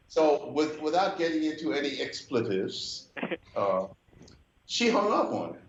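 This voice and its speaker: A man's voice: fairly high pitch, sing-song, measured pace, slight background noise. An older man from Brooklyn, New York, who is a guest telling a story in a conversation and often mimics other people's voices. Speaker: guest musician. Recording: slightly muffled, roomy recording.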